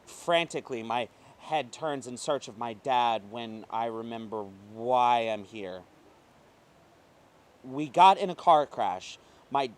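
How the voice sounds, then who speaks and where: A man reading a first-person short story aloud, emotive and swinging between quiet passages and intense ones. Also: medium pitch. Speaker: reader.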